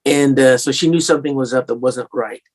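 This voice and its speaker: A man's voice: mid-range voice, a little fast, a little mellow. A man with a slightly English-tinged American accent, a singer-songwriter telling stories in a casual interview, rambling with many fillers and restarts.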